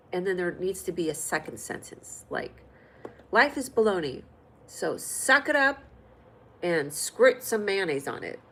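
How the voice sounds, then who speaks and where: A woman's voice: lowish voice, a little hiss or hum, rough recording. A woman from California hosting a comedy livestream, chatting with viewers in a playful, joking way. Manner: playful, jokey, lively and loud at times. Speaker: livestream host. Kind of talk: casual livestream chat reading comments.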